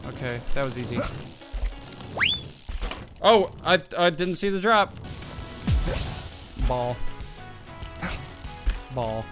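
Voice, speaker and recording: Excitable man commentating gameplay over music. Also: mid-range voice, drawn-out words, pauses often. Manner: excitable, yelps and exclaims often. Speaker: gaming YouTuber.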